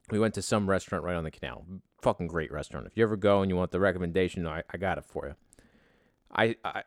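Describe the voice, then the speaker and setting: Low-voiced guy rambling a travel story, swears constantly, dry close sound. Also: no echo. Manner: profane, rambling, self-deprecating. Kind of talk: casual storytelling.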